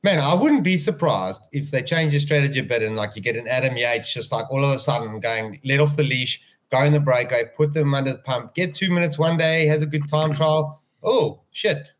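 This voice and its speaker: A man's voice: medium pitch, fairly quick, hardly any pauses. A man chatting on a sports podcast, rambling and restarting his sentences. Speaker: podcast co-host. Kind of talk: casual podcast chat.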